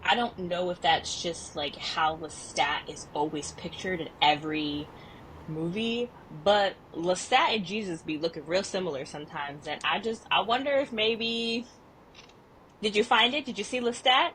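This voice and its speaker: A woman in her thirties co-hosting a podcast in casual chat, animated and expressive, laughing often as she tells stories. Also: lowish voice, normal speed, a little hiss or hum. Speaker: podcast co-host.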